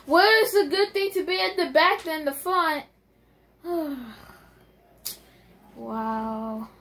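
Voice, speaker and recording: Excitable high-voiced woman gamer. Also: takes it slowly, far from the mic. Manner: excitable, gasping and shrieking at near misses. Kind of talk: casual gameplay commentary. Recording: game music playing underneath.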